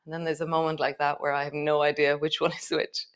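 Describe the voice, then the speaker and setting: A yoga teacher woman leads a live class in a slightly low voice, mixing gentle cues with chatty asides. She laughs easily and pokes fun at herself between instructions. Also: flat delivery, fast talker, smooth.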